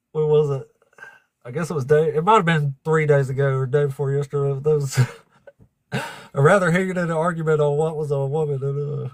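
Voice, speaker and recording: A man with a fairly high voice runs a debate livestream, laughing a lot, cursing without restraint and talking casually with viewers in chat. There's no room sound in the recording.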